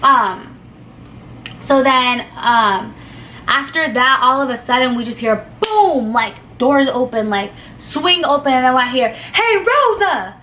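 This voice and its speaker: Young woman, casual storytime, rambling, swears, fairly high voice, faint background noise. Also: measured pace, bright, forceful tone. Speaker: vlogger.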